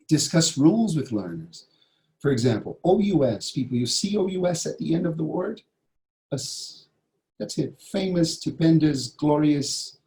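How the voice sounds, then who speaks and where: A Brazilian man presents to teachers over a video call, his voice mellow and mid-pitched. He speaks with emphasis and keeps checking in with a quick "yeah?". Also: low-quality recording. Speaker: teacher trainer giving a conference talk. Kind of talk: online conference presentation.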